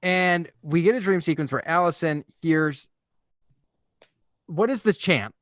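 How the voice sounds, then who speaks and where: A man's voice: a little high, measured pace, dry recording. Man, podcast co-host, casual film recap, acts out characters, dry close sound. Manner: animated storyteller, acts out characters' lines.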